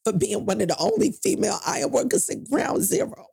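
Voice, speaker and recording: A woman's voice: medium pitch, very animated, a little fast, vocal fry, a little mellow, breathy edge, dry recording, clean studio sound. A middle-aged woman from New York, telling a painful personal story in an interview, candid and profane, acting out the people in it. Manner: candid, profane, acts out voices in her story. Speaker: guest telling her life story.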